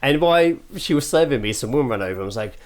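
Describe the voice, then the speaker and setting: A man's voice: mid-range voice, animated, very fast. A man from England co-hosting a casual podcast at a kitchen table, telling stories, acting out voices and laughing often. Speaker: podcast co-host. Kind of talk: casual chat. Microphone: studio mic with headphones.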